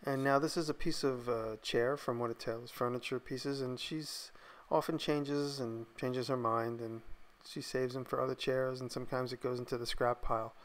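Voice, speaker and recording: A man talks through his workshop project in a loose, unscripted voice-over. His voice sits at an ordinary middle pitch, and he sounds relaxed and a little tired as he thinks aloud. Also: moderate pace, hardly any pauses. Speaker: maker narrating his build video. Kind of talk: casual voice-over narration.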